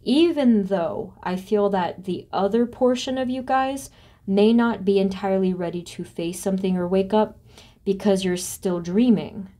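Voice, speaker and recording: Mellow-voiced woman reading tarot cards. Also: medium pitch. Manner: reflective, pauses to ask spirit and names cards aloud. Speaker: tarot reader. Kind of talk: solo tarot reading to camera.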